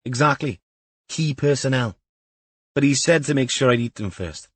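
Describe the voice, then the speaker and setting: A man's voice: medium pitch, normal speed, a bit bright, husky, dry recording, voice pushed up. A man voicing an eager, jokey young detective constable. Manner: eager, upbeat, joking.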